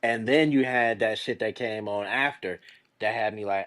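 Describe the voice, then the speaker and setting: A man's voice: lowish voice, normal speed, a bit bright. A man on a review panel giving a casual critique of a song, hesitant and sprinkled with ums. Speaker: panelist on a music review show.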